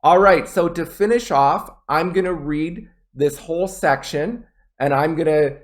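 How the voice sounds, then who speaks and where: A man teaching English test pronunciation, a native speaker explaining tips and demonstrating in a slow, deliberate way. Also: a little high. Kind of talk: pronunciation lesson.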